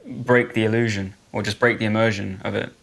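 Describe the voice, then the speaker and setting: A man with an English received pronunciation accent, reading narration in a measured, deliberate way and chatting about his reads, recorded in a closet. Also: on the low side, fairly even intonation, vocal fry, a bit bright. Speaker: narrator and voice actor. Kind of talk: audiobook-style narration and casual chat.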